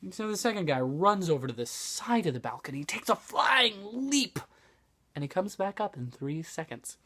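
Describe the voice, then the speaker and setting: A young man telling jokes into his phone in a slow, deadpan way, with self-deprecating asides. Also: on the high side. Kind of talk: casual joke-telling to a phone camera.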